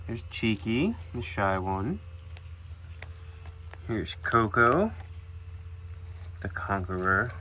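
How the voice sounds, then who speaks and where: Among pens and aviaries outside, a man talks lovingly to his animals in a casual chat to camera as an animal keeper vlogger. His lowish voice swings widely in pitch, sounds pushed and bright, and moves very slowly with frequent pauses, over outdoor noise and animal sounds.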